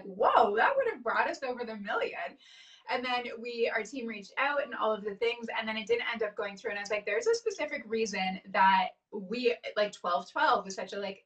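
A woman's voice: on the high side, fairly bright tone, recorded from a distance, poor audio. A woman in her thirties hosting a casual chat, telling stories in an effusive, emotional way. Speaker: host.

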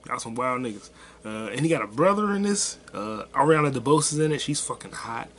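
A man's voice: medium pitch, animated, a little fast, a little hiss or hum. Rambling, profane male podcast host. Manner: rambling, profane, offhand and self-deprecating. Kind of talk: casual solo podcast rant.

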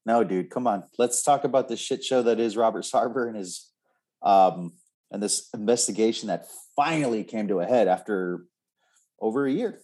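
Low, laid-back male podcast co-host. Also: normal speed, a little mellow. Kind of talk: casual podcast banter.

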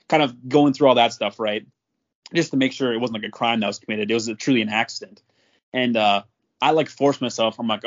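Brief: young man, casual storyteller, mid-pitched, laughing often, muffled lo-fi audio. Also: fairly quick. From North Dakota. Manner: animated, laughs often while telling. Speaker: podcast guest.

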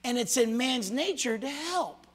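A male pastor preaching a sermon to a congregation, swinging from loud shouts to hushed near-whispers and acting out the voices of people he quotes. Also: very high-pitched, lively intonation, a little slow. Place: church hall before a congregation.

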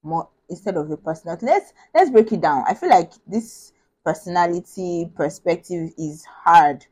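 A woman's voice: lowish voice, animated, normal speed, a little mellow, slightly rough, low-quality recording. A woman from Nigeria hosting a podcast in casual chat. She is bubbly, laughs often and thinks aloud with many restarts. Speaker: podcast host.

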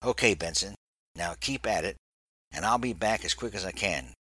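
A man's voice: deep voice, lively intonation, normal speed, bright, forceful tone, no echo, exaggerated voice. A man voicing a woman gunner's mate who is firm and commanding but kind.

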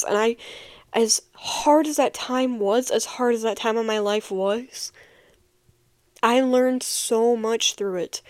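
A woman's voice: on the high side, dry recording, studio quality. A young woman and podcast host giving a heartfelt personal faith testimony, speaking earnestly and repeating key phrases for emphasis.

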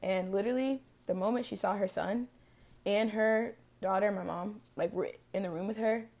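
A woman's voice: medium pitch, normal speed, darkish tone. A woman in her early twenties hosting a podcast, telling a personal story about loss in a casual, reflective way with many fillers. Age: early 20s. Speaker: podcast host.

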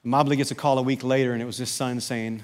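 A middle-aged American man, a pastor, delivering a sermon as an animated storyteller who builds to emphatic preaching. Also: medium pitch, quick pace, big-room sound. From United States.

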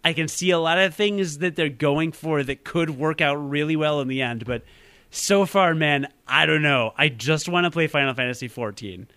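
A young man hosting a podcast talks casually and at length. His voice is slightly high and recorded dry and close. He is self-deprecating and laughs easily. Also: moderate pace, pushed and bright, clean tone, no echo. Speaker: podcast host.

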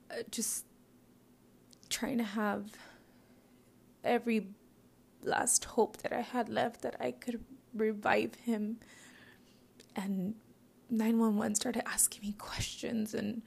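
A young woman telling a personal story in a halting way, full of fillers and often dropping into a whisper, tearful. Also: mid-range voice, gravelly, darkish tone, husky. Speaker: mother recounting a loss.

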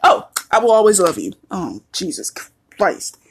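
A woman's voice: mid-range voice, sing-song, normal speed, gravelly, slight background noise. A woman in her thirties hosting a podcast, talking in a candid, profane, casual monologue and laughing often. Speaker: podcast host.

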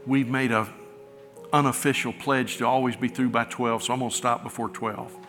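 A middle-aged man preaching from the pulpit with a bright, forceful edge to his voice. He builds to loud emphatic peaks, then pulls back to a soft, intimate hush. The sound carries a long church-hall reverb. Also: medium pitch, level tone, moderate pace, soft background music. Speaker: pastor. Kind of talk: sermon. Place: large church sanctuary.

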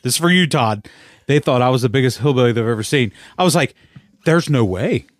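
A man's voice: medium pitch, lively intonation, quick pace, no echo, clean studio sound. A man co-hosting a casual beer-tasting chat, joking, swearing and laughing often. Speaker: podcast co-host.

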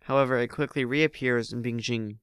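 A man's voice: medium pitch, steady tone, fairly quick, a bit bright, smooth, no room sound, studio quality. A man narrating a story aloud in a plain reading voice, with frequent slips and restarts.

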